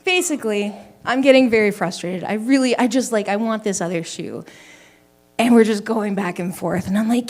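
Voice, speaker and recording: A woman's voice: fairly high pitch, animated, normal speed, darkish tone. A woman doing an open mic stand-up set, telling a story in a loose, conversational way with swearing and self-deprecating asides. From Canada. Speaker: stand-up comedian. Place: small comedy venue with live audience.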